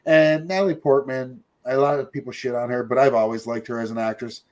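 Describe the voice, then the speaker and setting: A man's voice: medium pitch, steady tone, a little fast, a little mellow. A middle-aged man, hosting a show in casual, rambling chat full of fillers and asides. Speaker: podcast host.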